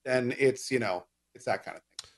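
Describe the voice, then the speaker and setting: A man's voice: mid-range voice, moderate pace, creaky. Chatty man explaining a game. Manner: explains at length with many fillers and restarts. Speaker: game discussion co-host. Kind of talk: casual gaming chat.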